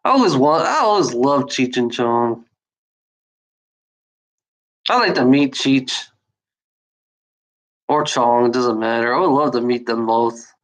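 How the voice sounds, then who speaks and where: A woman's voice: very deep voice, animated, slow, long pauses, rough recording. A woman in a casual rambling monologue, swearing freely and often breaking into laughter.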